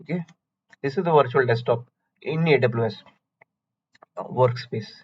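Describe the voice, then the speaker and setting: A man's voice: mid-range voice, unhurried, breathy edge, dull audio. A man teaching a certification course, chatty, asking and answering his own questions with homely analogies. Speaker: instructor. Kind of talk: recorded certification lecture.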